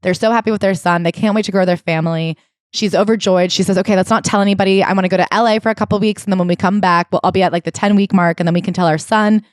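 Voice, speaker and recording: A woman co-hosting a comedic podcast, retelling a memoir and acting out the quoted lines in animated voices. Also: mid-range voice, racing, no room sound. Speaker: podcast co-host. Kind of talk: comedic book recap chat.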